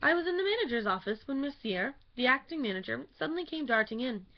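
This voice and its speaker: A pompous middle-aged theatre manager recounts the affair in stiff, self-important terms, read aloud by a woman. The voice stays fairly high and close to her own, and the recording sounds dull and lo-fi. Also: sing-song, fast. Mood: formal.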